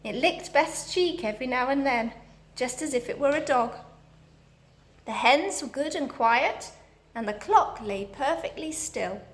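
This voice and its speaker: A woman reading a children's book aloud, steady and expressive. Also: sits high, a little slow. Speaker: storybook reader.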